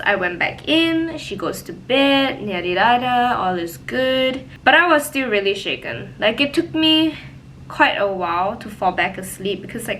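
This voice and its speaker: Bright-voiced young woman telling a story. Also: medium pitch, slight background noise, rough recording. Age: young adult. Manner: animated, lots of "like" fillers. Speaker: vlogger. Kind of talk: casual storytime. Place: home, indoors.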